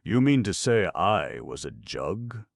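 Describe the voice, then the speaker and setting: A man's voice: deep voice, very animated, slow pace, no room sound, studio quality, voice pushed up, exaggerated voice. A man voicing a fierce, ragged-bearded little male gnome who howls and boasts, read in a storybook. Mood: pleased. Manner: howling, frightened, then boastful. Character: grumpy old male gnome king, fierce.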